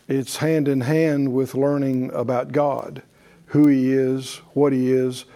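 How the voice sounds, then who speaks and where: A man's voice: medium pitch, little pitch movement, takes it slowly, warm tone. A man teaching a faith class in a conversational sermon style, with frequent fillers and restarts, leading his audience in call-and-response.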